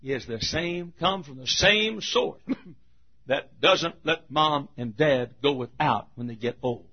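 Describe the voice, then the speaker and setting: Husky high-voiced preacher, shouting and hushing. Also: male voice, slow. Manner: emphatic preaching, swinging between shouts and hushed asides. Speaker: pastor. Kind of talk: sermon. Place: church. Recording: dull lo-fi recording.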